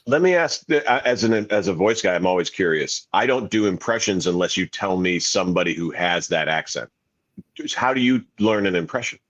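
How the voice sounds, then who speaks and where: Low-voiced man asking questions. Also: expressive, a little fast, fairly bright tone. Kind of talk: casual chat. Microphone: video call.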